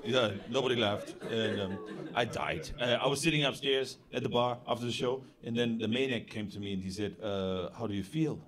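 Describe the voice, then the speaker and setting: A man's voice: medium pitch, normal speed, few pauses. A man from Germany performing a stand-up comedy set in a club, laughing through his lines and talking with the crowd. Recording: live club recording with loud noise. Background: loud crowd laughter and noise.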